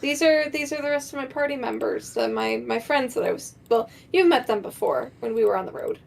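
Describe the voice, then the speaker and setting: High-voiced friendly woman player. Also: fairly quick, vocal fry. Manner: friendly, polite, a little stumbling. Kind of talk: playing a character in a tabletop game.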